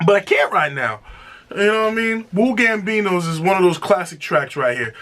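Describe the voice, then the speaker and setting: A man reviewing an album in an excited, casual way, exclaiming and repeating himself. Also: high-pitched, moderate pace. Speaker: music reaction reviewer.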